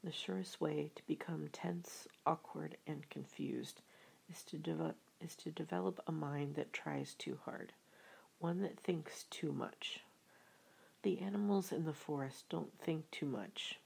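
A woman reading an audiobook in a soft, half-whispered way. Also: sits low, a little slow, gravelly, breathy edge, low-quality recording. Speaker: audiobook reader. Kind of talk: audiobook narration.

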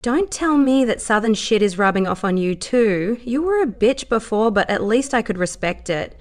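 A woman voicing a blunt, callous young dancer who talks in a sharp, snarling way. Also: mid-range voice, lively intonation, moderate pace, voice pushed up, close to an everyday voice.

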